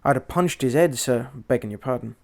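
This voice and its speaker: A man voicing a young working-class Cockney bellboy who calls everyone "sir" and speaks in rough grammar. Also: mid-range voice, fairly quick, close to an everyday voice. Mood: uneasy. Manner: dropped grammar, deferential "sir" after every phrase. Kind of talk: audiobook character voice.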